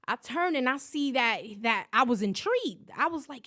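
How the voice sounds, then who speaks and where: A woman's voice: high voice, moderate pace. Brash New woman hosting a podcast. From New York. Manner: loud, profane, animated storytelling full of slang. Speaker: podcast host. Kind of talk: casual solo podcast monologue.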